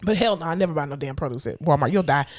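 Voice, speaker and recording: Woman, podcast co-host, casual chat, quick, animated, swears freely. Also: low voice. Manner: animated storyteller, swears freely, acts out quotes.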